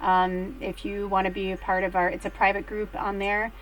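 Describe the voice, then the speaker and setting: A chatty middle-aged woman giving a card reading at home, speaking at an ordinary pitch with a loose, rambling flow. She keeps dropping to a hush, then lifting with excitement. A faint ambient hum sits under her voice. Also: moderate pace, dull audio. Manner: chatty, rambling, full of fillers; expressive, swings between hushed and excited. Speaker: tarot card reader. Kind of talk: casual card reading chat.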